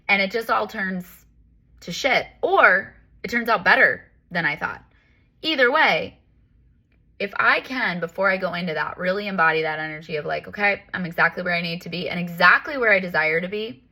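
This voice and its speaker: Bright-voiced woman coach, candid and rambling. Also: on the low side, moderate pace. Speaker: life coach and yoga teacher. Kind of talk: casual spiritual talk.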